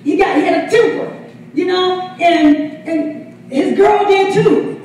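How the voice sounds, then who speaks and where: A woman's voice: very high-pitched, takes it slowly, dark tone, a little hiss or hum. A woman pastor telling a story in a sermon, laughing often and acting out quotes. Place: church hall. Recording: echoey hall from far off.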